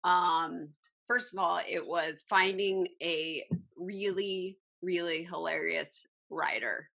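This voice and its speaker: A woman co-hosting a podcast in casual chat, talking haltingly with many ums. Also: fairly low pitch, steady tone, gravelly, bright, forceful tone. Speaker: podcast co-host.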